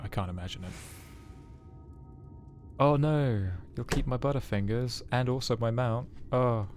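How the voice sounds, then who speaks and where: Low-voiced joking young man streaming. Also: slight background noise. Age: 20s. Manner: joking, self-mocking banter with chat. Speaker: game streamer. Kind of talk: casual live-stream chat while playing.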